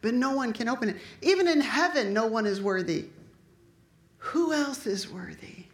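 A woman's voice: a little high, animated, moderate pace. A woman preaching a sermon in a chatty, conversational way, dropping joking asides to her congregation. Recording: echoey room.

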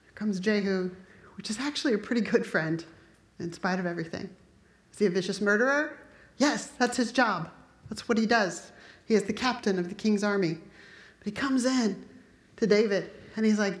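A woman delivers a sermon, telling the story with lively energy and voicing the people in it. Her voice sits at an ordinary middle pitch. The room around her is echoey. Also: moderate pace, pauses often. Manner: animated storytelling, acting out characters' lines. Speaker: preacher. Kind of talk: sermon retelling a Bible story.

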